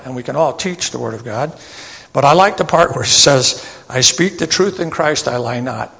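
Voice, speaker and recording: A man's voice: fairly high pitch, fairly bright tone. Preaching man in an echoing church. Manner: reads verses slowly, then explains in plain asides ending with "okay?". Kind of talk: sermon with scripture reading. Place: church sanctuary. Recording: long church reverb.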